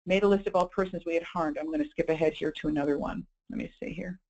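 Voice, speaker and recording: Speaking fast in a low, steady, darkish voice, a woman presents a clinical webinar in a chatty way, frequently asking listeners "okay?" and adding "you know." Audio quality is rough.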